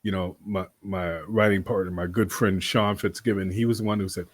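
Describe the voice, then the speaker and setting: A man's voice: low-pitched, steady tone, a little fast, hardly any pauses, noisy background. A man from Boston, an actor guest telling stories in a casual interview, rambling and laughing often.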